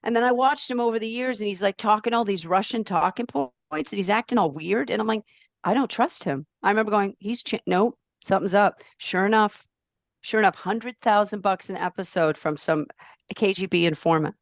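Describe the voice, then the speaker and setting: A woman guesting on a podcast, talking in an emphatic, outspoken, animated way with big swings in pitch. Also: a little fast, dry recording, clean studio sound. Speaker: podcast guest, life purpose coach. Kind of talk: casual podcast conversation.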